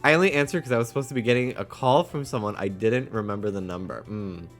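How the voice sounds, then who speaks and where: A man's voice: fairly low pitch, fast, soft background music. A man streaming live, chatting casually and jokingly reading viewers' messages aloud. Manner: chatty, jokey, reads chat aloud.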